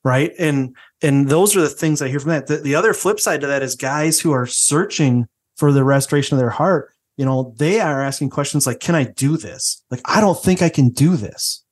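Husky-voiced man in casual faith talk. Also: on the high side, moderate pace, few pauses. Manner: conversational, repeats "right?" often. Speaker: podcast co-host.

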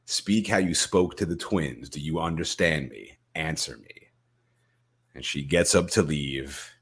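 With a very deep voice and a slightly slow pace, a podcast co-host recounts a film scene after scene. He tells it with animation, energetically voicing the quoted dialogue.

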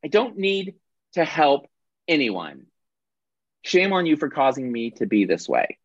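A man's voice: a little high, very animated, unhurried, no echo. A man voicing a resentful adult in the persecutor role, accusing and indignant, over dull, dry call audio.

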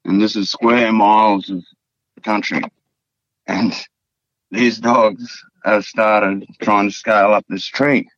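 A low-pitched Australian man from the Northern Territory tells his story in a casual, rambling way, circling back on his words and swearing freely. The audio is dry and a little muffled, like a lo-fi podcast recording. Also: steady tone, slow, fairly bright tone, no echo. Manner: rambling, profane, repeats words and fillers. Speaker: guest.

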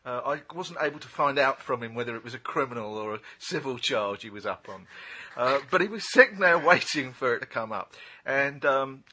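A man as a guest in a casual chat, telling anecdotes haltingly with many fillers. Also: mid-range voice, animated, sharp tone. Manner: halting anecdotes, full of ums.

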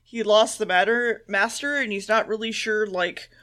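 Brief: podcast co-host, woman, bright tone, rambling swear-laced recaps with voiced asides. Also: medium pitch, steady tone. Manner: loose, swearing, mimics characters in quick asides. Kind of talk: casual episode recap.

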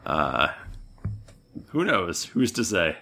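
A man's voice: low-pitched, sing-song, takes it slowly, sharp tone, a little hiss or hum. A man hosting a tabletop podcast as dungeon master, playful and laughing with his co-hosts. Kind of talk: casual chat.

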